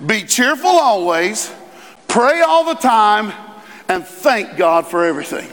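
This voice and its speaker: A man preaching a sermon as pastor, in a conversational style with quick asides and rising emphasis. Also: high-pitched, very animated, a bit bright. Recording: long reverb in a large hall.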